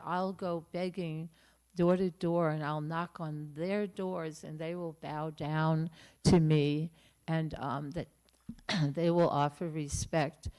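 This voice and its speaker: A woman giving a morning temple class, telling a devotional story with many pauses, fillers and restarts. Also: low voice, darkish tone. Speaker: class speaker. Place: temple room.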